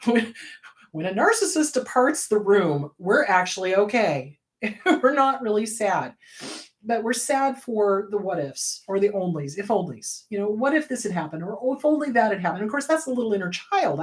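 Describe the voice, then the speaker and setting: A woman therapist hosting her own show, talking in a candid, conversational way. She is blunt and emotional, and her voice jumps up high and loud whenever she quotes someone. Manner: swings to loud, high bursts when quoting. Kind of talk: casual advice talk.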